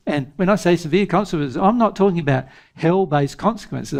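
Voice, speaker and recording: A man with a somewhat high speaking voice leads a spiritual seminar. He talks emphatically, pressing his listeners with rhetorical questions and breaking into short chuckles. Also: darkish tone. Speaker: spiritual teacher. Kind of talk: seminar talk.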